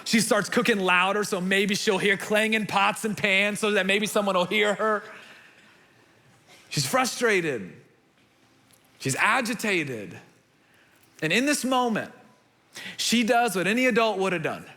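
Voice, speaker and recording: Bright-voiced man preaching animatedly. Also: high-pitched. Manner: animated storytelling with quick restarts. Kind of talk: sermon.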